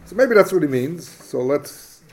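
Animated teacher, higher-pitched man. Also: measured pace, slight background noise. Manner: questioning, animated, mixes Hebrew and Yiddish terms. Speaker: Talmud class teacher. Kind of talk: lively Talmudic lesson.

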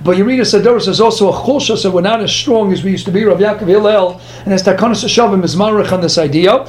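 High-voiced man teaching a Torah class. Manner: reads Hebrew sources then translates them into plain English; lively storyteller, quick asides to the listeners.

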